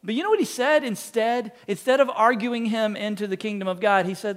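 A man's voice: high-pitched, a little fast, few pauses. A man preaching a sermon, telling a story and acting out the quotes in it, with jokes and asides. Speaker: pastor.

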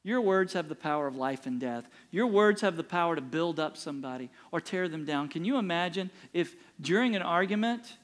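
A man's voice: a little high, animated, a little fast, hardly any pauses. A middle-aged man preaching a sermon as pastor, emphatic and repeating phrases for punch.

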